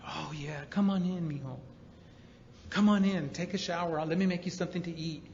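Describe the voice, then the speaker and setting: A gentle old grandmother coaxes and soothes in a hushed, low voice, as a man puts her on. Hall reverb hangs over the dull sound. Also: moderate pace, a little hiss or hum, lightly acted. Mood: tender. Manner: soft and soothing.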